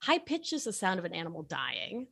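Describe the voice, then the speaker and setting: A woman talking as a podcast guest, explaining things in a calm, gentle, sing-song way. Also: on the low side, fairly quick, creaky. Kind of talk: casual podcast conversation.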